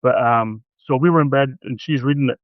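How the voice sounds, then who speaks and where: A man's voice: medium pitch, a little fast, no echo. Man in his fifties on a tinny call line. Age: 50s. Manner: rambling, restarts a lot. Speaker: author guest. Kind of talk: casual storytelling. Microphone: video call. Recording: tinny phone-like line, dry.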